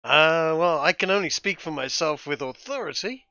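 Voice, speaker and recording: A man's voice: fairly high pitch, expressive, moderate pace, bright, forceful tone, no echo, lo-fi sound. A man playing a tabletop game, talking in a rambling way with restarts and jokes, in and out of character. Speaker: player.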